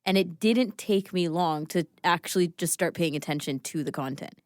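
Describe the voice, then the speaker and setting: A woman co-hosting a podcast discussion, animated and playful, acting out her reactions. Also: lowish voice, normal speed, no room sound, clean studio sound. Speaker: podcast co-host. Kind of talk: casual panel discussion.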